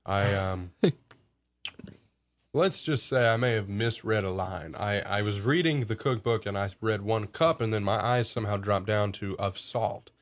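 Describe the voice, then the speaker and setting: A man's voice: lowish voice, a little slow. An eighteen-year-old man from Alabama, a podcast guest telling stories casually, self-mocking and rambling. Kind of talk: casual storytelling.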